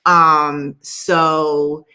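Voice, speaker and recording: Woman, New York accent, thirties, casual live-stream co-host, chatty, quick asides, lowish voice. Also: level tone, pushed and bright.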